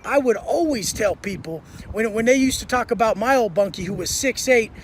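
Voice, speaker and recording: A man with a notably high voice tells prison stories in a blunt, intense monologue. He swears constantly and bites down hard on his words, and faint outdoor noise hums behind him. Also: expressive, normal speed. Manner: intense, blunt and swearing heavily, acting out others' lines. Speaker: host telling prison stories. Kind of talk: profane storytelling monologue.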